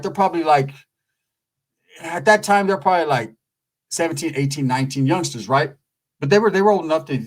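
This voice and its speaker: A man from California's Central Valley telling a profane comedic story, animated and constantly asking "right?". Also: a little high.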